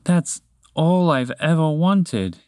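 Man doing a forgetful moose, slow drawl, dreamy, storybook. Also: mid-range voice, sing-song, fairly bright tone, no echo, studio quality.

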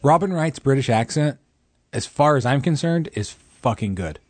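A man's voice: mid-range voice, lively intonation, normal speed, a little mellow, no echo. A man co-hosting a podcast, chatting casually about a movie in a blunt, wry way with casual swearing. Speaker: podcast co-host.

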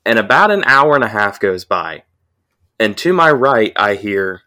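A man's voice: fairly low pitch, measured pace. A young man casually telling a rowdy, profanity-laced story on a podcast. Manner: profane, animated anecdote telling. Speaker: podcast co-host.

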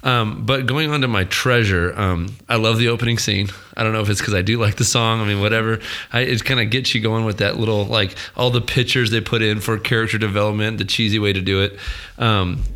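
Casting: man, lowish voice with a bright edge, rambling podcast chat. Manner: rambling, frequent restarts and fillers. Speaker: podcast co-host. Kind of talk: casual movie review chat.

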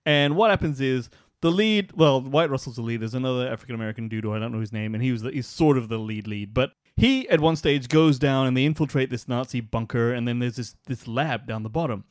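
A man co-hosting a casual podcast chat, excitable and squeamish, breaking into loud exclamations and laughter. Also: medium pitch, quick pace, no room sound, clean studio sound. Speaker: podcast co-host.

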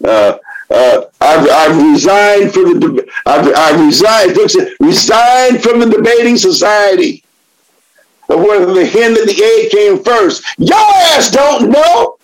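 High-voiced older man sharing at a meeting. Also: unhurried, rough recording. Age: 70s. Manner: animated, profane, laughing often, swings from shouting to quiet reflection. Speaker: AA meeting speaker. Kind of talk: sharing personal story at recovery meeting.

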